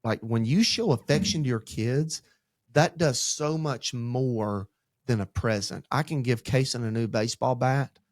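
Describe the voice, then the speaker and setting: A man's voice: medium pitch, a little slow, no echo, studio quality. A man, co-hosting a church podcast as a pastor in training, telling stories about his kids in a casual, rambling way. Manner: rambling, animated storytelling with acted-out quotes. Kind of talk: casual faith discussion.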